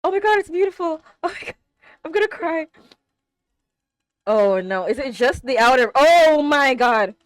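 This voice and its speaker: A young woman reacting to an anime episode, exclaiming and gasping, swinging between hushed murmurs and loud outbursts. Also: high voice, animated, normal speed, pauses often, no echo. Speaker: reaction streamer.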